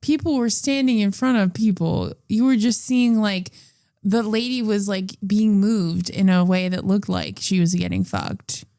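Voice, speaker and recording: A woman's voice: medium pitch, a little slow, creaky, warm tone, no room sound, clean studio sound. A woman co-hosting a podcast in casual chat, blunt and crude, laughing often. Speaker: podcast co-host.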